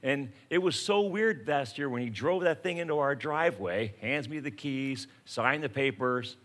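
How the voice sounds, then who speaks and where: A man's voice: medium pitch, normal speed. A man preaching a sermon, telling everyday stories and acting out scenes to make his point. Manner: storytelling, animated, acts out scenes. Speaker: pastor.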